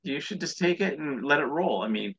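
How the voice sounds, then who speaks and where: A man's voice: fairly high pitch, lively intonation, fairly quick, vocal fry, a bit bright, slightly rough. A man with an American accent, chatting as an interview guest in an earnest, rambling way with frequent restarts, on dull lo-fi audio. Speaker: guest, entrepreneur. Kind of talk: casual interview talk.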